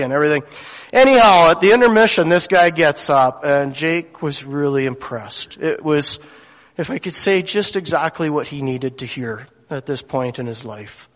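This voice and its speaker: A man telling a faith story to a gathering, acting out the voices of the people in it. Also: mid-range voice. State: tearful at moments. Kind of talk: storytelling sermon. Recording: long hall reverb.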